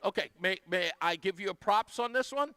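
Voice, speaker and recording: High-pitched radio host guy, gushing with thanks, super dry mic. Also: a little fast, no echo. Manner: animated, effusive, thanks donors repeatedly. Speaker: radio talk show host. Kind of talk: casual radio chat and live fundraiser. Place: radio studio.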